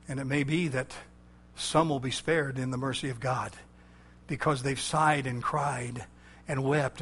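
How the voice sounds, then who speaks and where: A man preaching an impassioned sermon, swinging from loud shouted declarations to low, intense warnings with a repetitive, emphatic cadence. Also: slight background noise.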